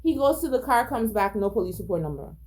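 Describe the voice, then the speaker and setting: A woman's voice: medium pitch, expressive, quick pace, background noise. A woman telling a personal story in a casual monologue, agitated, profane, emphatic and repetitive. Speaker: storyteller recounting a personal incident.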